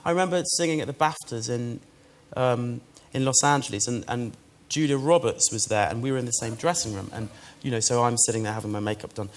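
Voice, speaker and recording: A man's voice: medium pitch, a little fast, few pauses. A young man, a chat show guest telling a self-deprecating anecdote. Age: young adult. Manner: self-deprecating, animated storytelling with acted quotes. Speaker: celebrity guest. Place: television studio with audience.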